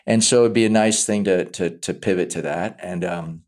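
Low-voiced halting male actor. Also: darkish tone. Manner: halting, repeats words often while thinking aloud. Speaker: actor, interview guest. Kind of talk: casual interview talk.

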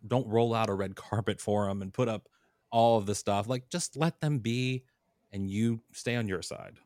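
A man's voice: lowish voice, normal speed, darkish tone, no echo, clean studio sound. A man in his forties co-hosting a casual chat, talking in a loose, repetitive way as he thinks aloud. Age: 40s. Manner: chatty, stammers and repeats words while thinking. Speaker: podcast co-host.

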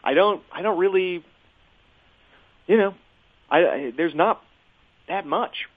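A man in a casual podcast conversation, remembering a friend as a guest and talking haltingly with many fillers and restarts. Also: high-pitched. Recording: tinny phone-like line.

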